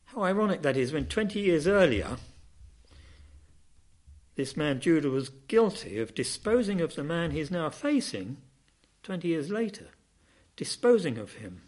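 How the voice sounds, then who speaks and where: A man preaching a sermon, telling a Bible story with dramatic, rising and falling emphasis. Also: a little high.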